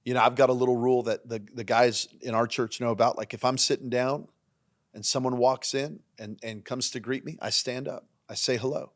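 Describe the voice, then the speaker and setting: A man, a pastor hosting a leadership podcast, teaching in a sermon style, driving points home with repetition and dropping into quieter asides. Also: medium pitch, steady tone, fairly quick. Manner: emphatic and repetitive, swinging between punchy lines and quiet asides.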